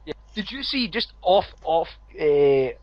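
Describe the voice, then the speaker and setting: A man's voice: on the high side, very animated, measured pace, no room sound. A man co-hosting a casual wrestling podcast, laid-back and often laughing, with some swearing. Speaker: podcast co-host. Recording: dull lo-fi audio.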